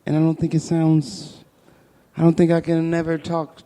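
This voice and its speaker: A man's voice: a little high, completely flat delivery, normal speed, mellow. A man in a casual podcast chat who talks hesitantly, trails off and mumbles, and acts out little quoted voices. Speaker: podcast co-host.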